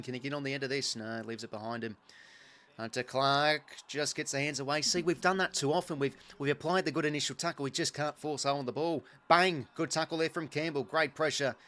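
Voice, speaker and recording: Young Australian man, fan commentary, partisan, casual, mid-pitched voice. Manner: chatty, partisan, excitable bursts. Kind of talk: live watch-along commentary.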